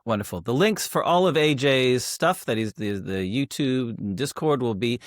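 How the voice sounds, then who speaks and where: A man's voice: medium pitch, lively intonation, normal speed, no room sound, clean studio sound. A man hosting a podcast, chatting casually and friendly, with hesitant restarts. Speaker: podcast host. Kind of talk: casual interview chat.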